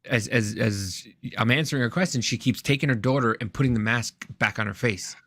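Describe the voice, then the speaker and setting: A man co-hosting a podcast, telling a rambling, animated anecdote in casual chat. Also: mid-range voice, brisk, no echo, clean studio sound. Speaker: podcast co-host.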